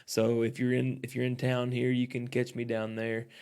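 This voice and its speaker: A man, a guest on a podcast, talking in a relaxed, laid-back way. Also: medium pitch, moderate pace, clean tone. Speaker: podcast guest, musician and performer. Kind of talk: casual chat.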